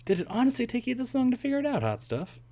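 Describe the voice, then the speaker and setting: A hoarse man voicing a playful young college woman with a Mexican Spanish accent, in a game read-through. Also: very high voice, huge pitch swings, very fast, dark tone, pitched above the performer's own voice, exaggerated voice. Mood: teasing. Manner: teasing, playful.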